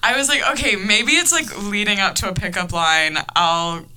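A young woman hosts a casual podcast chat, her voice very bright and crisp. She tells stories in an animated way, laughing often and filling pauses with lots of fillers. She sits at home in Florida. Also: medium pitch. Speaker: podcast host.

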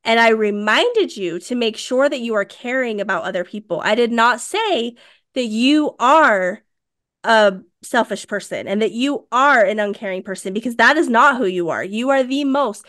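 A woman's voice: fairly high pitch, moderate pace. Chatty woman telling a story. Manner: animated storytelling, acts out quoted dialogue. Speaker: podcast co-host. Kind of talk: casual podcast chat.

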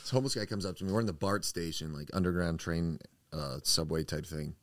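A man's voice: low-pitched, fairly quick, a crowd in the background. A young man, a podcast guest, telling a profane story with lots of acted-out quotes. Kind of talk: casual storytelling.

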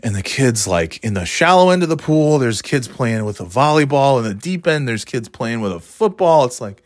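A man's voice: medium pitch, expressive, moderate pace, few pauses, no echo, studio quality. A middle-aged man telling a story in a casual monologue, swearing often in a sardonic, ranting way.

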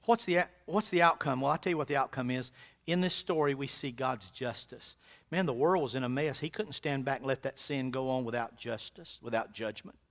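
A male pastor preaching a sermon in a church, with folksy phrasing, swinging from hushed asides to loud, fervent calls. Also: mid-range voice, a little fast. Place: church sanctuary.

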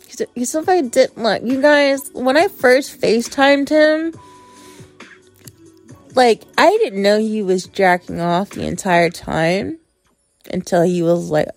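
A woman's voice: mid-range voice, animated, slow, pauses often, faint music behind. A young woman in her twenties telling a frank personal story to her listeners in a chatty, candid way. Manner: chatty, candid, filler-heavy. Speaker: podcast host. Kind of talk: casual storytelling to an audience.

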